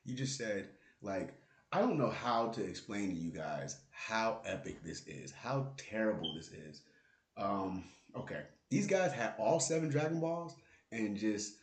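A man's voice: fairly low pitch, lively intonation, a little slow. A man hosting his own podcast, in a casual, profane, joking rant about basketball. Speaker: podcast host. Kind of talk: casual solo basketball talk. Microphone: close podcast mic with plosive pops. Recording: roomy, echoey room.

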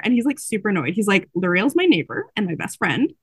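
A woman retells a book in an animated, casual way, slipping into the characters' lines as she goes. Her voice sits in a middle range. The sound is close and dry, with no room around it. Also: mid-range voice, brisk, few pauses, husky, no echo. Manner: animated storytelling, acting out quotes. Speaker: podcast host recapping a book. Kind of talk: casual chat.

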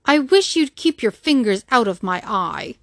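A man's voice: extremely high pitch, big pitch swings, moderate pace, a bit bright, no room sound, clean studio sound, heavily acted. A woman reading the part of an irritable invisible man, scornful and indignant, in an audiobook. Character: irritable invisible man, a sharp-tongued stranger.

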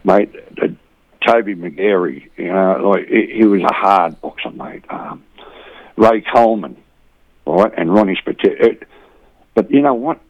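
A middle-aged Australian man with a lowish voice talks in a loose, rambling way, throwing "mate" into almost every line. The sound is dry and a bit muffled, with no room around it. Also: lively intonation, measured pace, no room sound. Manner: rambling, says "mate" constantly, blokey banter. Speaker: boxing community volunteer, interview guest. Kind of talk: casual interview chat.

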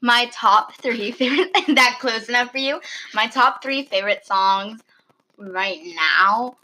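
A woman's voice: fairly high pitch, a little slow, sharp tone, low-quality recording. A teenage girl chatting casually with a friend, rambling and giggling, chewing near the mic. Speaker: friend asking questions. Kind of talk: casual chat.

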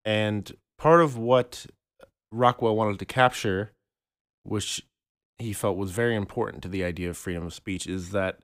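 A man with a fairly low voice co-hosts a casual podcast about art history. He explains things haltingly and restarts often. The sound is dry and close to the mic. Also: dry recording. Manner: halting, many fillers and restarts. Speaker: podcast co-host.

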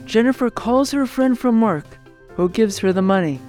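A woman's voice: a little high, lively intonation, normal speed, darkish tone, soft background music. Woman narrating a podcast. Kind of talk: scripted narration.

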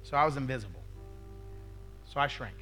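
A man's voice: medium pitch, a little fast, bright, forceful tone, soft background music. A male pastor preaching a sermon, telling a story with acted-out quotes and frequent "right?" asides to the congregation.

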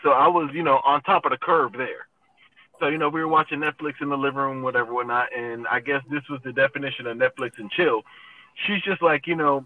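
A man's voice: mid-range voice, brisk, dry recording, narrow, tinny audio. A man in his thirties casually telling a long personal story, laid-back and full of "you know" fillers.

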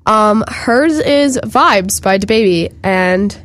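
A woman's voice: mid-range voice, animated, takes it slowly, fairly bright tone, no echo, studio quality. A young woman with a stuffy, congested voice, co-hosting a casual podcast and talking emphatically with frequent "like". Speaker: podcast co-host.

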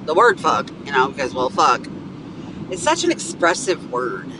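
A woman's voice: sits low, wildly swooping pitch, moderate pace, background noise. A woman hosting her podcast alone, venting bluntly and swearing constantly. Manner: profane, blunt, ranting. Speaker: podcast host. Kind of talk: angry solo venting.

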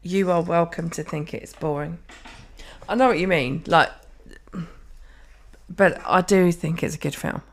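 A woman chatting on a podcast with a slightly low voice. She rants in a lively, sweary way, often jumping into mocking impressions of people she's complaining about. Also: unhurried, long pauses. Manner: sweary, animated ranting with mock quotes. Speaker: podcast co-host. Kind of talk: casual chat.

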